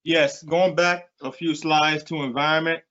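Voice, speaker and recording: A man with a somewhat high voice moderates a webinar over a video call. He speaks briefly and matter-of-factly as he passes along audience questions, and the call audio is slightly dull. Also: fairly even intonation, a little slow, sharp tone.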